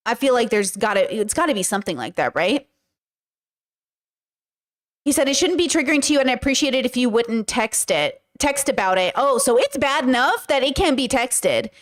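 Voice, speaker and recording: High-voiced exasperated New woman. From the Bronx, New York. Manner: heated, exasperated, slangy, calls listeners bros and girl. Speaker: podcast host. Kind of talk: reaction commentary.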